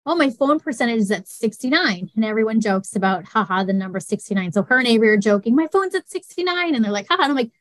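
A woman's voice: mid-range voice, racing, few pauses, no echo, rough recording. A middle-aged woman, a mother and podcast guest, animatedly telling stories and acting out the quotes in casual chat. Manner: animated storyteller who acts out quotes.

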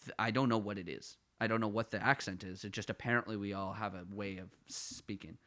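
A man's voice: fairly low pitch, fairly even intonation, a little fast, sharp tone. Rambling young man with Ottawa Valley accent. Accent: Ottawa Valley Canadian. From Ottawa Valley, Canada. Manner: rambling, self-mocking, stumbling restarts. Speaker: podcast co-host. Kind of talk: casual comedic chat.

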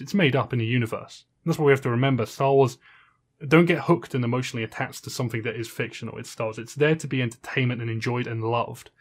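Male podcast co-host with a mid-range voice, earnest and steady, argues his case plainly. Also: medium pitch. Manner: earnest, steady, lays out an argument. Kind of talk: casual chat.

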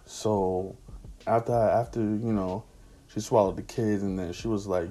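A man's voice: lowish voice, steady tone, fairly quick, creaky, dark tone. A man casually telling a personal anecdote in slangy, profane street talk. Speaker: storyteller.

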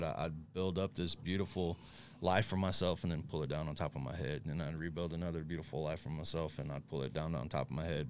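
A man's voice: deep voice, a little hiss or hum. A man speaking as a guest, telling his recovery story in a blunt, candid way, often tagging "right?" and "um". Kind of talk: recovery story in casual conversation.

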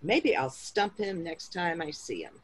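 A woman's voice: fairly low pitch, sing-song, a little slow, breathy edge, low-quality recording. A woman delivering a comedic monologue in a precise, musing way.

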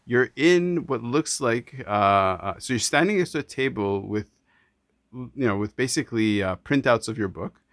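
A man from Canada hosting a casual interview, animated and talking in quick restarts and repeated words. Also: medium pitch, no room sound, studio quality. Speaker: podcast host.

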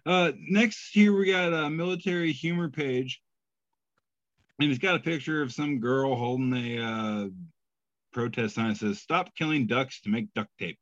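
A man's voice: mid-range voice, fairly bright tone, no echo. A man co-hosting a comedy podcast, reading out memes with self-deprecating jokes. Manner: jokey, self-deprecating, drawn-out pauses. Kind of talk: casual podcast banter. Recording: dull lo-fi podcast mic.

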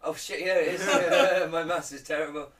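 Swearing podcast joker. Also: male voice, fairly high pitch, fairly even intonation, moderate pace, fairly bright tone, distant mic. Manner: swearing, jokey, dry asides. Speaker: podcast co-host. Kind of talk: casual chat. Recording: faint noise, off-mic.

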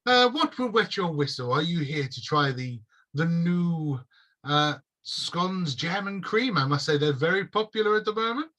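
A man's voice: on the high side, expressive, moderate pace, a bit bright, voice pushed up. A man voicing a courteous, prim male elf shopkeeper who greets customers in a formal, sing-song way. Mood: cheery.

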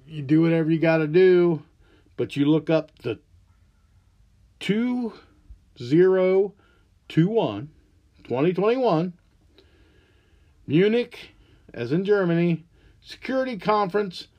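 A man's voice: fairly high pitch, darkish tone, lo-fi sound. A man hosting a solo podcast, delivering an angry, profane, rambling rant. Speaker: podcast host.

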